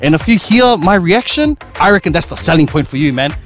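A man's voice: on the high side, big pitch swings, a little fast, a bit bright, faint music behind. A man hosting a live radio cross from an outdoor community event, upbeat and joking. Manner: upbeat, joking, talks with his mouth full. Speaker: radio host.

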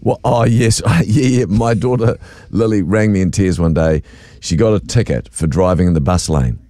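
A man's voice: low-pitched, normal speed, warm tone, dry recording, clean studio sound. A middle-aged man with a New Zealand accent, co-hosting breakfast radio and telling a self-mocking story expressively. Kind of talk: casual on-air banter.

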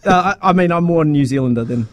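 A man's voice: a little high, quick pace, dry recording, studio quality. A man who directs a radio show, chiming in sheepishly and laughing. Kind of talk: casual studio chat.

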